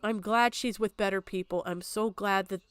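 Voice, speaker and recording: A woman's voice: medium pitch, fairly even intonation, moderate pace, clear, resonant tone, no echo. A young adult woman streaming, talking in an upset, tearful way and swearing often, close to crying. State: on the verge of tears. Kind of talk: emotional livestream talk.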